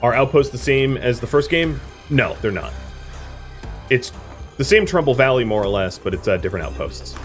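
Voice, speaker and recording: A man's voice: mid-range voice, big pitch swings, moderate pace, over music. A man streaming a video game, casually explaining the mechanics with lots of fillers. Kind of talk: casual gameplay commentary.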